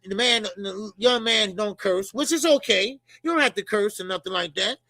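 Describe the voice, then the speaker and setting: A middle-aged man with a Chicago accent giving casual, profane, animated boxing commentary as a channel host. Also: high voice, moderate pace, no room sound. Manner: animated, profane, laughing banter.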